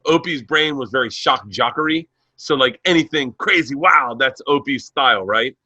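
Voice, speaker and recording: A man with a bright, forward voice tells stories in loose podcast chat. He acts out everyone he quotes and laughs without holding back. The sound is dry and close to the mic. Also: medium pitch, moderate pace, slightly rough, no room sound, muffled recording. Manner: animated storyteller who acts out voices and laughs hard. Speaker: stand-up comedian.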